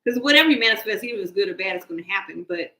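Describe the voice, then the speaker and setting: A woman giving a casual tarot reading, animated and joking, laughing often as she talks. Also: medium pitch, rapid-fire, echoey room, rough recording. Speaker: tarot card reader.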